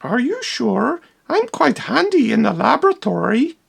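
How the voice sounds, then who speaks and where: A man doing a high flirty female assistant. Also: big pitch swings, measured pace, vocal fry, husky, full character voice.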